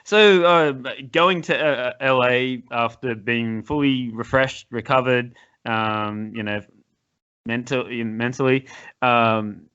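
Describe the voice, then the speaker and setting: Smooth-voiced male podcast host. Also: medium pitch, fairly even intonation, fairly bright tone, muffled recording. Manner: rambling, halting, with many restarts. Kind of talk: casual interview chat.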